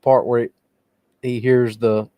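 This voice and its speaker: Podcast co-host guy, middle pitch, dry sound, jumps in to fix the story. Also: flat delivery, takes it slowly, mellow, dry recording. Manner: chimes in with corrections to the story. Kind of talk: casual chat.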